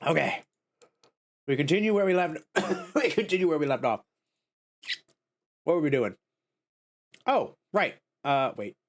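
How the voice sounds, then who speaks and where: A man streaming a game live, chatting casually in a goofy, giggly, excitable way. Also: a little high, measured pace, pauses often.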